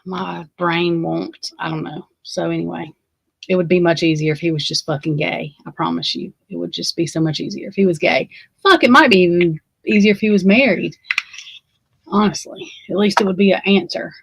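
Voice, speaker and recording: A woman's voice: lowish voice, steady tone, normal speed, vocal fry, husky, no room sound. A woman with an Alabama accent hosting a casual chat, rambling and swearing freely. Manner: rambling and profane, with frequent swearing. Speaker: host.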